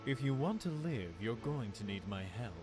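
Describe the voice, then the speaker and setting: A man voicing a smug tall fire mage who speaks in a smooth, casual, sing-song deep tone. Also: lively intonation, moderate pace, over music, natural voice. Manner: casual smooth taunting drawl.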